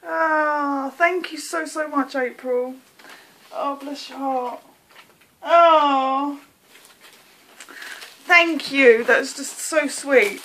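A woman's voice: high-pitched, extremely slow, long pauses, fairly bright tone. An English woman vlogging an unboxing, gushing with thanks in casual chat. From England.

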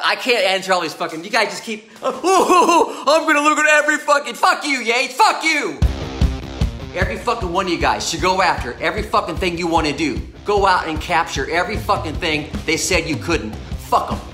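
Brash, profane man with a bright voice. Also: high voice, a little fast, soft background music. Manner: profane, brash, loud and hyped. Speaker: mindset coach and vlogger. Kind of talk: unscripted vlog monologue. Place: home garage. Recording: roomy garage echo.

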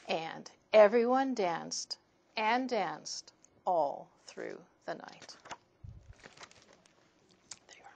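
A woman storyteller reading picture books aloud to children in an expressive voice. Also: on the low side, creaky.

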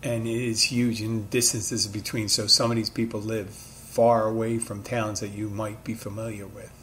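A man's voice: fairly low pitch, little pitch movement, normal speed, fairly bright tone. Podcast host, male, mid-Atlantic accent with a Philly touch, rambling casual storyteller, light room hum behind. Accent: mid-Atlantic with a light Philadelphia touch. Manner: rambling, conversational, self-correcting asides.

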